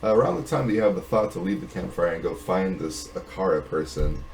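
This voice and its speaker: A man narrating as game master in a casual tabletop game, halting and full of fillers. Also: deep voice, animated, gravelly, darkish tone, soft background music. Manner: halting, many fillers and restarts. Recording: echoey room, faint hum.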